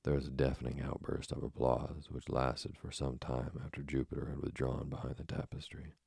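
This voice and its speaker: A man calmly reading a classic novel aloud as a sleep story narrator, in a steady, even manner. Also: extremely low pitch, brisk, vocal fry, breathy edge, no echo, clean studio sound. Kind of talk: slow bedtime story reading.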